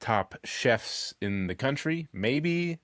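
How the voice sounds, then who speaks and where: A man co-hosting a comedy podcast, dropping dry, deadpan quips. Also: mid-range voice, slow, no room sound. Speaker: podcast co-host. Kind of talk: comedic casual chat.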